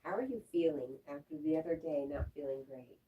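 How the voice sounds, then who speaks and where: A woman's voice: deep voice, animated, fairly quick, muffled recording. A woman hosting a casual livestream, reading viewer comments aloud, answering them in a chatty way and talking to her dog in between. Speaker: livestream host.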